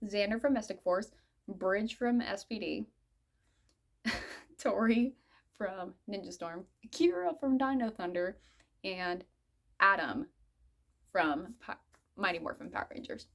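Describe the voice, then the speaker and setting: A woman in her mid-twenties telling a story in a casual vlog. She is giggly and excitable, laughs often, and rambles with lots of "I'm like" asides. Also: mid-range voice, slow pace, vocal fry, long pauses. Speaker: vlogger.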